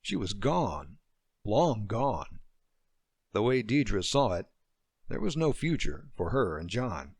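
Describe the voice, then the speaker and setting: A man reads romance narration at an unhurried pace. His voice has a gravelly grain and lively pitch movement. The recording is close and dry. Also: no echo. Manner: slow, expressive reading. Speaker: audiobook narrator. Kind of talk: scripted narration.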